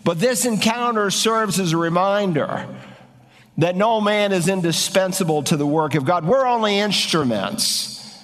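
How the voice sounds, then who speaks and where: A man's voice: high voice, expressive, measured pace, a bit bright. A man preaching an expository sermon, speaking emphatically and asking the congregation rhetorical questions. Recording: reverberant hall with faint music.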